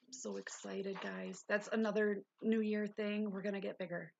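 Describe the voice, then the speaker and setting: Speaking at a moderate pace in a level, medium-pitched voice with vocal fry, an older woman hosts a livestream and rambles through casual replies to her chat. Expect dull, lo-fi stream audio with a faint hiss.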